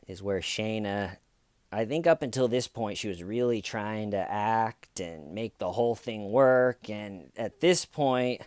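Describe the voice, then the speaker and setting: Man, comedic crime storytelling, sarcastic, rambling asides, smooth clear voice, dry sound. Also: fairly low pitch, no room sound. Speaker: comedic true crime commentator.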